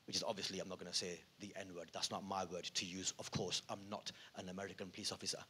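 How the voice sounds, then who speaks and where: A man performing live stand-up, swinging from muttered asides to loud rants. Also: deep voice, little pitch movement, fast, hardly any pauses, breathy edge. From United Kingdom. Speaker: stand-up comedian. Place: theatre stage.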